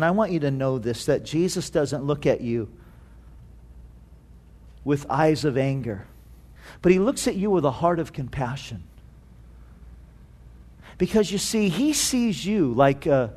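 A man with a high, light voice preaches to his congregation. His delivery is earnest and emphatic, and he circles back to repeat key phrases for weight. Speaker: pastor. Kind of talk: sermon.

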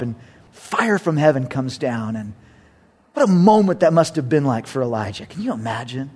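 A man preaching a sermon, telling a story with lively acted-out voices and swinging between loud emphasis and quiet asides. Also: mid-range voice, moderate pace, breathy edge. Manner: animated storytelling, acting out characters. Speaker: pastor.

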